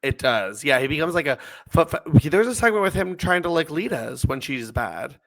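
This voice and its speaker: An animated young man co-hosts a casual podcast chat, often laughing and acting out what people said. His voice sits a little high and moves around a lot. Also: a little fast, gravelly. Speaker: podcast co-host.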